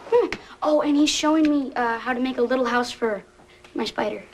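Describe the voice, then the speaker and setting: A chatty, eager child, higher voice, old TV tape. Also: female voice, brisk, a little mellow. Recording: old TV tape with faint hiss.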